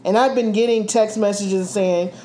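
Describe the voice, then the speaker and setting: A woman's voice: medium pitch, steady tone, normal speed, mellow. A woman co-hosting a casual chat, playful and giggly, stretching out her words.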